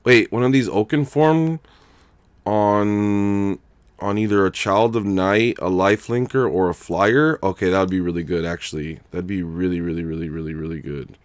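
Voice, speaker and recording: During his live stream, a young man chats casually about his game, using slang, laughing loudly and reading donations out to thank viewers. His voice sits low and moves at a moderate pace, with no echo.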